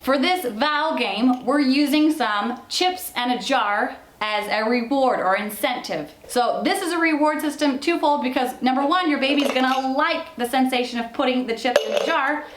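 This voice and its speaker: A young woman presenting a parenting lesson, explaining toddler games in a slow, patient way. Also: high-pitched, echoey room, a little hiss or hum. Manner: slow, patient, sing-song with the child. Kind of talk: instructional demonstration with a toddler.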